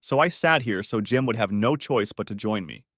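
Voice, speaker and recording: A man's voice: on the low side, lively intonation, normal speed, a bit bright, no room sound, studio quality. A man voicing a charming, confident young French wife who teases and persuades with poise.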